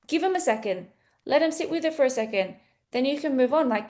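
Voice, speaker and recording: A woman's voice: sits high, a little fast. A woman sales coach teaching in a casual, blunt, playful way, acting out bits of sales calls. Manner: animated, blunt, playful, acts out sales dialogue.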